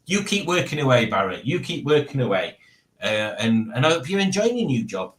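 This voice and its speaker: A man's voice: medium pitch, big pitch swings, brisk, bright, forceful tone, roomy sound. A man hosting a live-stream quiz in casual chat, rambling and jokey as he reads viewer comments aloud.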